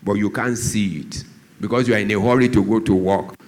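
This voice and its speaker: A Nigerian doctor who speaks on drug abuse gives a church talk in a steady tone at a fairly quick pace. He uses storytelling, acting out dialogue and voicing the people involved with marked shifts in pitch.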